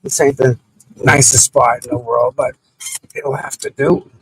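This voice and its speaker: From inside his car, a male livestreamer rambles to viewers and gripes about the drivers around him. He speaks a little slowly with even intonation at medium pitch, his tone a bit bright, over a low-quality recording with a little hiss or hum.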